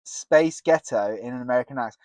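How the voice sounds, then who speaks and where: A man's voice: mid-range voice, brisk, a little mellow, no echo. A man in his thirties, co-hosting a casual podcast chat, jokey and laughing often, talking into a headset. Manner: jokey, laughs often, sings snatches of songs. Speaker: podcast co-host. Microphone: headset with earpiece.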